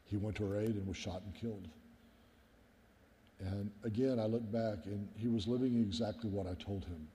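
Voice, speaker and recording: Brief: middle-aged man, pastor preaching, earnest and personal, lowish voice, long reverb of a hall. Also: fairly even intonation, moderate pace, mellow, a little hiss or hum. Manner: earnest, personal, often addresses listeners as guys. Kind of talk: sermon storytelling.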